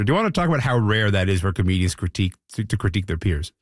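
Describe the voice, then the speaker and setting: A man hosting a panel discussion, asking questions in a lively, questioning way. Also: fairly low pitch, rapid-fire, no room sound, studio quality. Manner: lively, questioning, animated delivery. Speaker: host.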